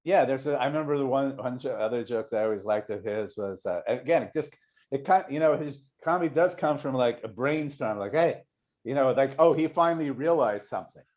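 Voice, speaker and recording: A middle-aged man tells casual show-business stories as a podcast guest. He talks in a rambling, stop-start way and breaks into quick put-on voices when he quotes someone. His voice sits at an ordinary middle pitch. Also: a little mellow. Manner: rambling, many restarts, acts out quoted voices. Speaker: guest, longtime showrunner. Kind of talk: casual anecdotal storytelling.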